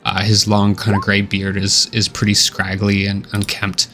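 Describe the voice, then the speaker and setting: A man narrating a fantasy tabletop game as game master in a relaxed, descriptive way. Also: on the low side, moderate pace, faint music behind. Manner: relaxed, descriptive, many uh and kinda fillers.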